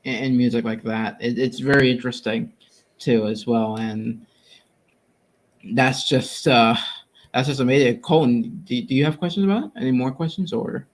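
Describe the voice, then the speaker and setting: Man hosting a casual interview. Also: medium pitch. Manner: halting, repeats words, frequent backchannels. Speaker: interviewer, host.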